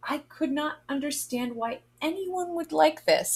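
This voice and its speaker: A woman vlogger giving a casual, chatty product review, lively and expressive with drawn-out exclamations. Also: high-pitched. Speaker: vlogger reviewing wax melts.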